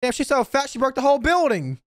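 A woman hosting an anime reaction channel, commenting live with excitable shouts, laughter, slang and lots of swearing. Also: sits high, fast, background noise.

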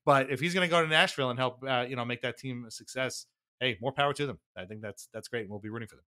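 A man's voice: medium pitch, rapid-fire, sharp tone. A man co-hosting a sports podcast in casual, rambling chat, restarting his sentences and laughing between thoughts. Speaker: podcast co-host.

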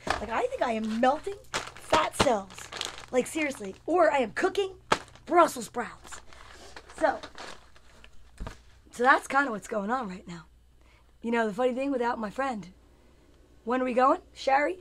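With a voice that sits high and slight noise in the background, a woman in her fifties hosts her own comedy show. She talks casually to viewers by name, rambling and teasing herself in a playful live chat.

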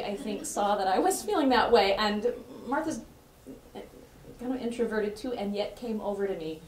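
A woman's voice: on the high side, a little mellow. Effusive woman giving an introduction speech. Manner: effusive, chatty, laughs often. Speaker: speaker introducing an author at a bookstore event. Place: bookstore event room with an audience. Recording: roomy hall, voice picked up from a distance, faint ambience.

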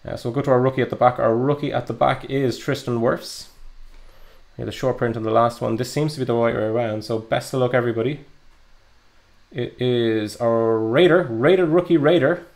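A man's voice: mid-range voice, brisk, creaky, a little mellow. A young man giving chatty, upbeat live commentary while opening trading card packs, with frequent ums and uhs. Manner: chatty, upbeat, lots of fillers. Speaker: card breaker.

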